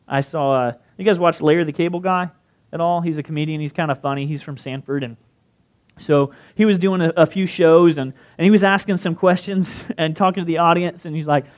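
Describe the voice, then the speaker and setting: A man with a fairly high voice delivers a sermon in a relaxed, conversational way. He often turns to his listeners with quick questions. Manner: conversational, asks the crowd questions. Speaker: pastor.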